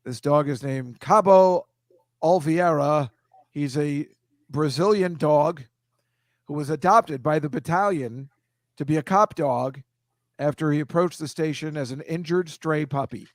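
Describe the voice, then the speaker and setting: Middle-aged male comic host, rambling and self-deprecating, slightly high voice, dry close sound. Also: measured pace, no room sound. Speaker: comedian host. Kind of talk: casual comedic chat on a video call.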